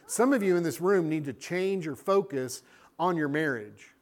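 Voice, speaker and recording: Animated male pastor preaching. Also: on the high side, normal speed. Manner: animated preaching, acting out voices. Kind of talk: sermon.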